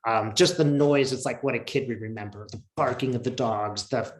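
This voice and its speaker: A man's voice: mid-range voice, normal speed, a little mellow, slight background noise. Earnest man telling a story in an echoey room. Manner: earnest, emotional, reflective, many fillers. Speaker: interview guest. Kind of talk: casual storytelling in an interview. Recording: roomy echo.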